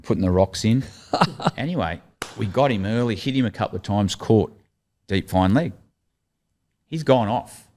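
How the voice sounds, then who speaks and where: Aussie bloke, middle-aged, lowish voice, yarning away and laughing at his own stories, does the voices of people he quotes. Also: normal speed, pauses often, slight background noise. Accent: Australian. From Australia. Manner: lively anecdotes, laughs through his stories, acts out quoted lines. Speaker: guest, former cricketer. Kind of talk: casual storytelling chat.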